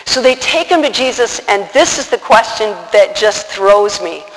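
Preacher, male, high voice, storytelling sermon that acts out the lines of the people in each story, long hall reverb. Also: animated, moderate pace, a bit bright.

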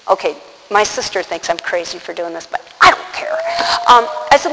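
A woman telling a personal story to an audience, animated, acting out the quotes and laughing often. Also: lowish voice, a little fast. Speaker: religious speaker. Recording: long hall reverb, faint noise.

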